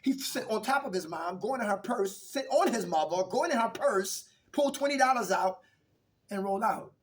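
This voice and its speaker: A man's voice: high-pitched, lively intonation, moderate pace, distant mic. A man leading a recovery meeting, coaching the group with call-and-response questions.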